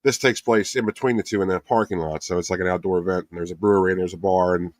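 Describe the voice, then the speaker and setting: Low-voiced guy rambling on a podcast, lots of restarts, dry close sound. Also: steady tone, fast, no echo. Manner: rambling, restarts often, chuckling. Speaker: podcast co-host. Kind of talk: casual chat.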